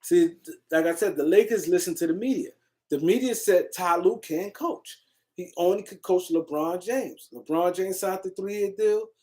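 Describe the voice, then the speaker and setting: A man hosting a casual sports livestream, answering comments and shouting out viewers in the chat. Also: high voice, normal speed. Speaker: livestream host.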